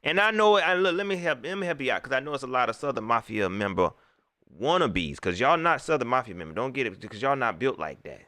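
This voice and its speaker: A man's voice: mid-range voice, fast talker, no echo, clean studio sound. A man hosting a live stream, talking casually and emphatically and repeating his points. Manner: animated, emphatic, repeats phrases.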